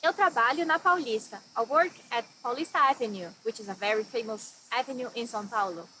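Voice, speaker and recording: A woman from Brazil with a Brazilian Portuguese accent, teaching beginner phrases and repeating them slowly. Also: on the high side, pushed and bright, reverberant, slight background noise. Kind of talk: bright lesson presentation.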